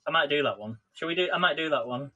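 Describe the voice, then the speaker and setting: Brief: male livestream host, slightly higher voice, rambling friendly cooking chat into a phone. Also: lively intonation, fast talker, pushed and bright, muffled recording. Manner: rambling, chatty, addresses viewers by name. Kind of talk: casual live cooking chat.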